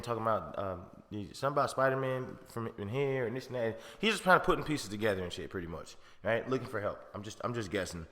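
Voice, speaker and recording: A man's voice: medium pitch, animated, quick pace, fairly bright tone, big-room sound. A man hosting a podcast, reviewing a film in a rambling, profane, slangy way with frequent laughs. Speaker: podcast host. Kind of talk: casual film review chat.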